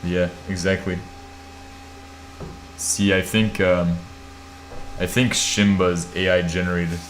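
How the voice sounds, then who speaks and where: Streamer, American man, very low voice, drowsy and muttering, self-mocking, faint hum in the room. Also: flat delivery, takes it slowly. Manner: thinks aloud while typing, swears, self-mocking. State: half asleep. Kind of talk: casual live-stream chat.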